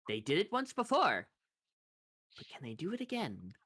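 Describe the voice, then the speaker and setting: A woman's voice: lowish voice, wildly swooping pitch, moderate pace, background noise. A woman voicing an eccentric female wizard shopkeeper who rambles and hesitates, then turns grandiose. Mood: rambling.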